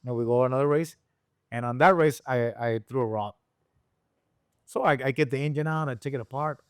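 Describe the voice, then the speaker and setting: A man from Rico, a guest and engine builder telling a story in a casual interview, acting out the people he quotes with sudden high voices. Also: fairly quick, smooth, no echo, clean studio sound. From Puerto Rico. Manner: animated storyteller who acts out quoted people with jumps in pitch.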